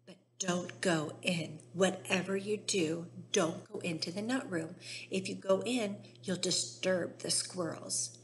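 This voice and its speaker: A woman voicing an eccentric, excitable male candy maker who eagerly explains things in a storybook reading. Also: on the low side, measured pace, a little hiss or hum, lightly acted. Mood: explaining.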